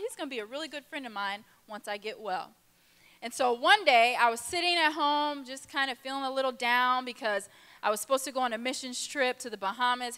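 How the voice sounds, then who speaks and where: A young woman speaking at a girls' conference, telling a lively personal story and acting out the people in it. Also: fairly high pitch, clean tone. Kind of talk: testimony talk to a youth audience. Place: large conference hall. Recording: reverberant hall.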